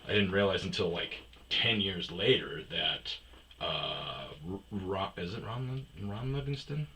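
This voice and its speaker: Low, bright-voiced man rambling through stories. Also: expressive, measured pace, a little hiss or hum, poor audio. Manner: rambling, with frequent "uh" and restarts; mimics other people in a higher voice. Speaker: podcast host. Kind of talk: casual personal storytelling.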